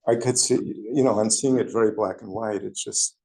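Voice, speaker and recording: Gravelly New York man, hesitant. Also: fairly low pitch, steady tone, warm tone. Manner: hesitant, halting, self-correcting. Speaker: meeting participant. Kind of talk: searching conversational dialogue. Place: meeting room.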